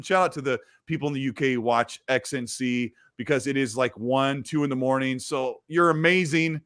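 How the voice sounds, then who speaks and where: A man's voice: medium pitch, moderate pace, hardly any pauses, fairly bright tone, no room sound, studio quality. A man hosting a casual gaming livestream, chatting loosely and reading viewer messages aloud. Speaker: host.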